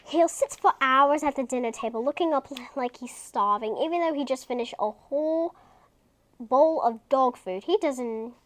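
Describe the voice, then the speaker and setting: A woman's voice: high voice, moderate pace, a bit bright. A woman reading a children's book aloud, breaking off into chatty asides.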